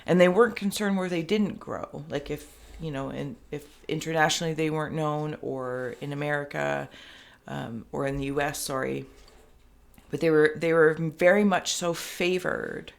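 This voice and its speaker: A woman's voice: deep voice, moderate pace, gravelly. A woman giving a spoken tarot and spirit reading to camera, rambling and thinking aloud with many fillers and restarts. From Canada. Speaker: tarot reader and psychic.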